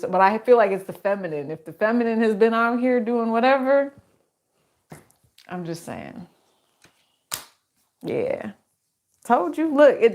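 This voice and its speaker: A woman's voice: medium pitch, darkish tone. A middle-aged woman giving a casual tarot reading, chatty and rambling, laughing often as she talks. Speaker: tarot reader.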